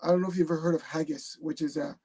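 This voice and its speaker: Husky guy with a gravelly edge, slightly high voice, halting and repeating himself on a video call. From born in England, raised in Jamaica. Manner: hesitant, repeats words, relaxed storytelling. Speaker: guest, retired army captain.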